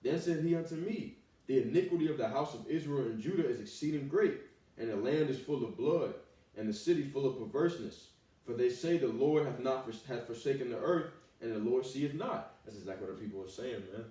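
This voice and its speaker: Booming preacher man in an echoey room. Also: a little fast. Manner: loud, emphatic and blunt, with street slang. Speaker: street preacher. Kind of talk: fiery slangy sermon with scripture reading. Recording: very echoey room, voice far from the mic.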